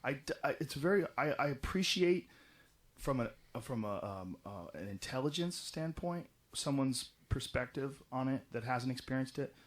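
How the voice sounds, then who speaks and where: A middle-aged man in casual podcast conversation, telling long, animated stories full of swearing and restarts. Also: medium pitch, normal speed. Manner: animated, profane, rambling storytelling. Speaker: podcast guest recounting experiences.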